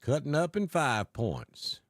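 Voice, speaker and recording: A folksy Southern man with an Alabama drawl and a touch of mountain talk, hosting a live weather stream. He talks at an easy, middling pitch, greeting viewers by name one after another. His voice sounds dry and close to the mic. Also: wildly swooping pitch, slow pace, no echo. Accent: Southern US, Alabama with north Georgia mountain mix. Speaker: weather livestream host. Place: home in northeast Georgia.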